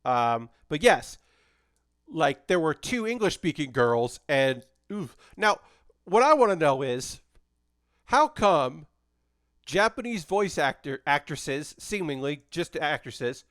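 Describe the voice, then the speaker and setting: A man's voice: on the high side, big pitch swings, slow, a bit bright, no echo, studio quality. A man chatting casually on a live stream while assembling a model kit, rambling with lots of fillers and restarts.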